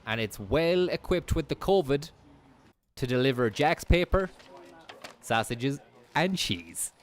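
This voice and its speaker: A man's voice: medium pitch, big pitch swings, slow pace. A man doing rambling, profane live stream commentary, slipping into a mock announcer voice as he riffs.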